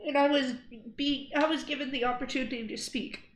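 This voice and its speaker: A young woman streaming, speaking earnestly and angrily, shaken after crying, halting and repeating herself. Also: high voice, fairly even intonation. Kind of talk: emotional livestream address. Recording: roomy echo.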